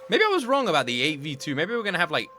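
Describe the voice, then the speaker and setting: A man hosts an anime reaction in an excitable, joking way, his voice bright and bouncing across a wide pitch range. He sits a little high for a man. Faint music plays under him. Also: rapid-fire. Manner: excitable, animated, jokey, swears freely. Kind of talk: casual reaction commentary.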